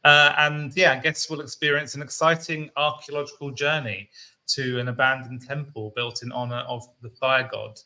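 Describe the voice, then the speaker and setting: A man's voice: medium pitch, level tone, normal speed, bright, forceful tone. A man from the UK co-hosting an enthusiast show, chatting casually and thinking aloud with fillers. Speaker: co-host. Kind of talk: casual chat.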